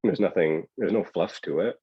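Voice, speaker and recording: A man's voice: sits low, moderate pace, husky, dry recording, highs cut off. A man co-hosting a podcast, talking in a loose, rambling way full of "right?" and "yo". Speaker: podcast co-host. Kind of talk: casual chat.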